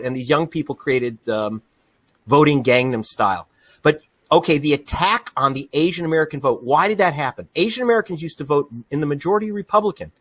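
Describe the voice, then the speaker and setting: A man's voice: on the high side, lively intonation, a little fast, fairly bright tone, no room sound. A middle-aged man being interviewed as a journalist, talking with passion and indignation and laughing often. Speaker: investigative journalist, guest. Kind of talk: animated interview talk.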